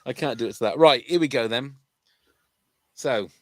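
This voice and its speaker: A man's voice: mid-range voice, moderate pace, fairly bright tone, dry recording. A man hosting a charity podcast livestream in casual, jokey chat, often tripping over his words. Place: home room during a livestream.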